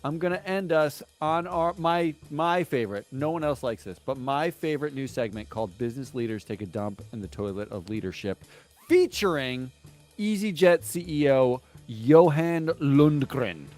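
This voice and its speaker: A man hosting a comedy business news show, delivering headlines in a snarky, deadpan mock-anchor style. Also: normal speed, soft background music. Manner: snarky, deadpan with lively pitch swings.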